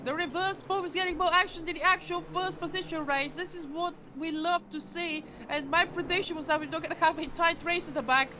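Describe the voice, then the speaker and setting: A high-voiced woman calls a virtual motor race live, excitable and tripping over her words as she corrects herself mid-sentence. Loud noise sits steadily under her voice throughout. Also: a little fast, few pauses. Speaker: race commentator. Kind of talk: live sim racing commentary.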